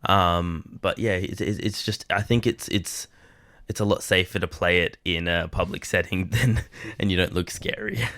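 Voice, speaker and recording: A man's voice: deep voice, fairly even intonation, moderate pace, a bit bright, no echo, studio quality. A young man co-hosting a podcast, chatting casually in a rambling way with lots of fillers. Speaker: podcast co-host. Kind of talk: casual chat.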